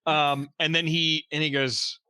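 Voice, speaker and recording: A man's voice: a little high, level tone, measured pace, pushed and bright, smooth, no room sound, clean studio sound. A man narrating a tabletop game as game master, in a loose, chatty way.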